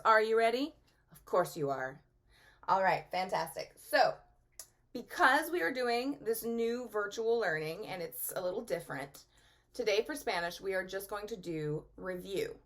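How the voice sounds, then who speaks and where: Woman, children's teacher, lively up-and-down pitch, sing-song, animated. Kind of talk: virtual Spanish lesson for children.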